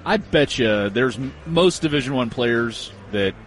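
A man hosting a casual sports talk show, relaxed and conversational, reading out listener notes. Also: medium pitch, unhurried, faint music behind. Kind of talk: casual sports radio chat. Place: loud outdoor spot.

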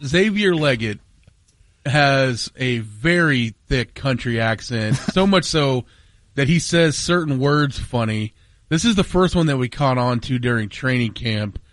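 A man's voice: medium pitch, lively intonation, a little slow, a bit bright, no echo. Teasing male sports radio co-host. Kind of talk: casual chat.

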